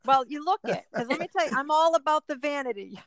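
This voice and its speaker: High, lively woman co-host, dry sound. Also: no echo. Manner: effusive, exclamatory, quick to laugh. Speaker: podcast co-host. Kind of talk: casual interview chat.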